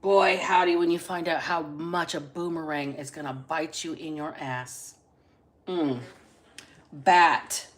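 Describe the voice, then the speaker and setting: A woman hosting a casual live-stream reading into a phone, chatty and salty, stretching out single words between quick asides. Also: sits low, steady tone. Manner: chatty, drawls single words then talks fast. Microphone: phone camera.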